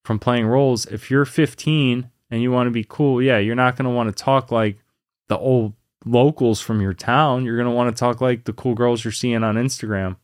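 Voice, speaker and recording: A man's voice: mid-range voice, fairly even intonation, normal speed, no room sound, clean studio sound. A man from Virginia, telling stories in casual conversation as a podcast co-host, rambling with fillers. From Virginia, USA. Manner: rambling storyteller with fillers and restarts.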